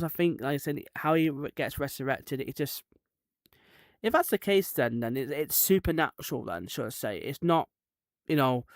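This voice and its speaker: A man's voice: medium pitch, dry recording, clean studio sound. Rambling irreverent guy chatting. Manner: rambling, irreverent, laughs at own jokes. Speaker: streamer. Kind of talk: casual chat.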